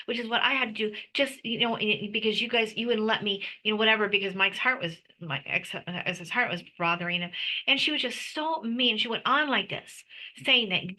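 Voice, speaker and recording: Bright, intense middle-aged woman. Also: medium pitch, fairly quick, rough recording. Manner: intense, frequent restarts and stammers. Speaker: interview guest. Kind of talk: emotional personal testimony.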